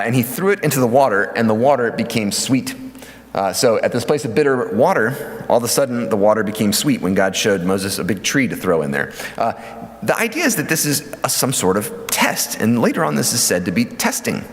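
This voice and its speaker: A man giving a church lecture on scripture, lively and conversational with many fillers and asides. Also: mid-range voice, a little fast. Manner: lively teaching with fillers and acted quotes. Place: church hall. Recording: hall reverb.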